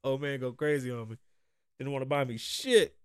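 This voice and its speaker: A man's voice: mid-range voice, steady tone, normal speed, smooth, dry recording. A man hosting a podcast in casual chat, loose and profane, rambling through stories, his voice strained from a pulled vocal cord and a sinus infection. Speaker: podcast host.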